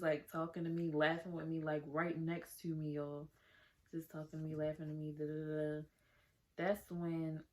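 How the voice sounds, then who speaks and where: A young woman tells a personal story straight to camera. Her voice sits a little low, and she talks in a chatty, animated way, calling out to her viewers as she goes. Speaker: storytime vlogger.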